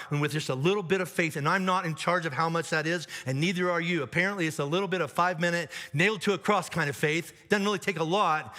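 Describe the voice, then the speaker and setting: Pastor, man, bright forceful voice, chatty sermon delivery full of restarts, live church hall reverb. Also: a little high. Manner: conversational, animated, many restarts and asides. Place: large church auditorium.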